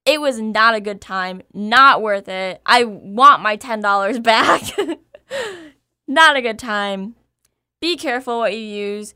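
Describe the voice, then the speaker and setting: A candid woman host tells a personal story in a bright, higher voice, animated and quick to laugh. The sound is dry and close, with almost no room echo. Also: clean tone. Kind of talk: casual storytelling chat.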